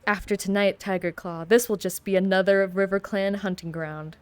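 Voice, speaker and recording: Woman reading a defiant rival tomcat, storybook, clear tone. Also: medium pitch, steady tone, normal speed, no room sound, lightly acted. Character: defiant young male cat warrior.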